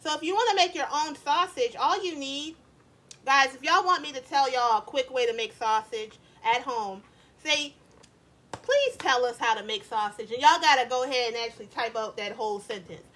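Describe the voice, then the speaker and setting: Chatty high-voiced woman cooking, says y'all. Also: moderate pace, a bit bright. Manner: chatty, asks viewers questions, says y'all. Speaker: cooking vlogger. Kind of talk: casual cooking chat to viewers. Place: home kitchen.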